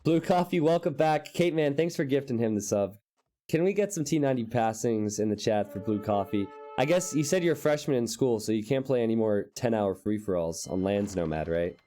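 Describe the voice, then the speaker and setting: A young man casting a strategy game live, excitable and quick to jump into high shouts at big plays. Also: faint music behind. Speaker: game caster.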